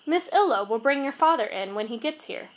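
A woman reading aloud, voicing a male school principal who speaks in a formal, measured, official way. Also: sits high, expressive. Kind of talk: storybook reading.

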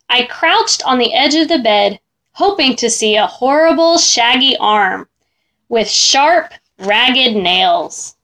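A woman narrating a children's story with great expression. Her voice is high and swoops widely, and she takes her time over each line. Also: takes it slowly. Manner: expressive, animated.

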